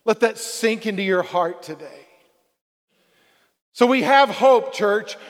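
A man preaching a sermon as pastor, emphatic and building to shouted passages. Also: high-pitched, in a large hall.

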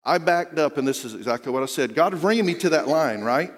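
Middle-aged man, pastor, storytelling sermon, fairly high voice, long hall reverb. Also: animated, quick pace. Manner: storytelling, dropping to a hushed voice for quoted lines and rising when urging.

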